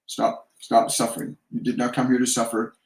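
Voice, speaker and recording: A man hosting a live medium Q&A, relaying messages and leading slow guided breathing in a gentle, repetitive way. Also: mid-range voice, level tone, creaky. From Canada. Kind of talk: live-stream channeling Q&A. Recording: echoey room.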